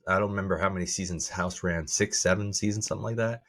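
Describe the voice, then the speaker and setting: Low-voiced man chatting with laughs. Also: fairly even intonation, quick pace, a bit bright. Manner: laughs often, stammers and restarts. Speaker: podcast co-host. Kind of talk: casual chat.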